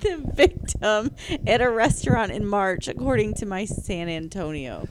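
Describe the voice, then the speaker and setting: A woman with a mid-pitched voice co-hosts a podcast, reading out strange news with an animated, playful delivery. She laughs often and reacts loudly to what she reads. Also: measured pace, background noise. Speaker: podcast co-host. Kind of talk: casual comedic chat, reading news stories.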